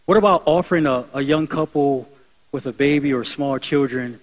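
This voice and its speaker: A young adult man preaching to his church in an earnest, conversational way. His delivery swells into emphatic, lifted phrases and then drops back to a quieter, reflective tone. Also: mid-range voice, normal speed, poor audio. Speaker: pastor. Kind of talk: sermon.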